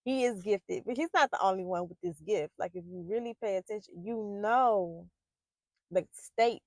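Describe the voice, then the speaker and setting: In a medium-pitched voice at normal speed, a poet and parenting vlogger offers a heartfelt reflection on parenting, recorded with no room sound. Fillers and restarts run through her loose delivery, and she gets loud and emphatic as she presses her points.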